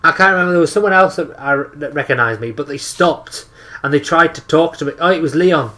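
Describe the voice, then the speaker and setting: A man's voice: on the high side, fast, sharp tone. A young man with a Teesside accent, co-hosting a podcast in casual chat, telling sweary anecdotes and acting out quotes. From northeast England. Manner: swears often, tells anecdotes with acted-out quotes. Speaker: podcast co-host.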